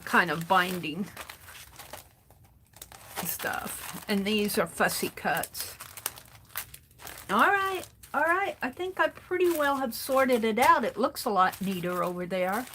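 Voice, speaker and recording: A woman's voice: medium pitch, very animated, slow pace, a bit bright, slight background noise. A woman hosting a craft livestream, chatting casually and thinking aloud as she sorts supplies at her home craft desk, greeting viewers by name. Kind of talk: casual chat while sorting craft supplies.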